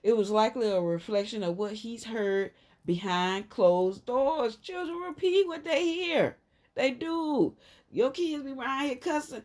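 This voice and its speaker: A woman with a Southern US accent giving a casual tarot reading, talking in an emphatic, rambling way that jumps up high and loud when she makes a point. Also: expressive, unhurried. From Southern United States. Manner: emphatic, rambling, frequent sudden jumps up in pitch and loudness. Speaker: tarot reader.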